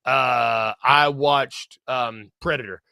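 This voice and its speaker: A man co-hosting a casual podcast chat, excitable and laughing, often breaking into quoted movie lines. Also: mid-range voice, takes it slowly, smooth, dry recording, clean studio sound. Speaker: podcast co-host.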